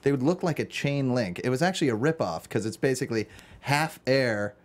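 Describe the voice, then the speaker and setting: A man's voice: mid-range voice, animated, brisk. A man from Chicago, an actor as a guest, chatting casually in a studio interview and telling rambling, jokey stories.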